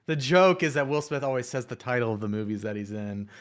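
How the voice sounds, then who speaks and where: A man's voice: medium pitch, animated, fast talker. A man on a casual podcast, joking around in a playful way.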